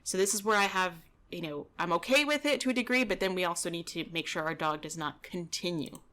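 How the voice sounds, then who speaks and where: A woman dog trainer giving relaxed, casual commentary over video footage, explaining with lots of "you know" and "kinda". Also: lowish voice, fast talker, crowd noise.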